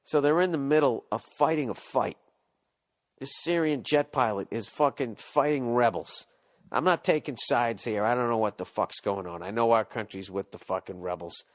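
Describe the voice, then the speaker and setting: A man's voice: mid-range voice, moderate pace. A man hosting a podcast, delivering a rambling, profane, sarcastic comedic rant. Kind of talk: ranting comedic monologue.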